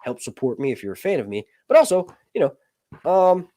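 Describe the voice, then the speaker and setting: A man's voice: on the high side, big pitch swings, fairly quick, warm tone, dry recording. An American man hosting a casual livestream, rambling, correcting himself and joking as he talks. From United States. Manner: rambling, self-correcting, jokey. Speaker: livestream host.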